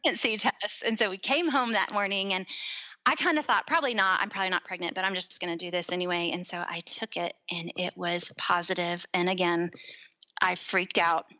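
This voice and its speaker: A woman's voice: fairly low pitch, steady tone, a little fast, sharp tone. A woman in her forties, a podcast guest, telling family stories in casual chat and acting out the voices of people in them.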